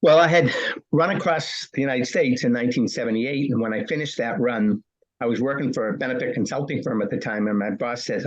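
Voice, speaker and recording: A man in his sixties gives a punchy, storytelling interview and answers his own questions. His voice is husky and mid-pitched, and the audio is muffled and lo-fi. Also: quick pace. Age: 60s. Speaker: guest.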